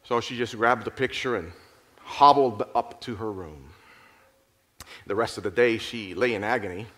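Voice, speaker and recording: A man narrating a moral story in an expressive, dramatic storytelling manner. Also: on the low side, normal speed. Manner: expressive, lively storytelling with restarts.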